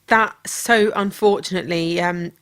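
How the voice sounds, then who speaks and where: A woman co-hosts a casual podcast chat and speaks slowly and deliberately. Her replies come out dry and measured, patient even while she is being teased. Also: lowish voice. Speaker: podcast co-host. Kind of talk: casual chat, album review.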